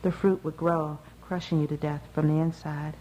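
A woman reading a first-person novel aloud in a measured, even way. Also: deep voice, lo-fi sound, slight background noise. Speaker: audiobook narrator. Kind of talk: first-person literary narration.

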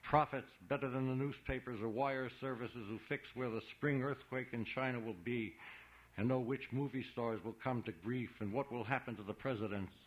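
In this audiobook character voice, a narrator plays a large, loud small-town man scolding a boy with homespun, broken grammar. He keeps a natural, medium-pitched voice with fairly even intonation at a moderate pace, and the lo-fi recording sounds dull.

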